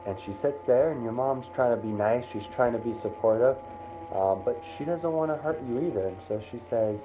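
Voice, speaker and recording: A man telling a motivational story in the second person, animated and acting out the scenes, heard over a tinny line. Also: medium pitch, fairly quick. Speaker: motivational speaker. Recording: tinny phone-like sound, faint noise.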